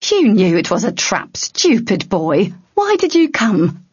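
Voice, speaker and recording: A woman voicing a fierce, protective older mother who scolds her son bluntly and slowly. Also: mid-range voice, wildly swooping pitch, a little mellow, husky, highs cut off, exaggerated voice. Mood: scolding.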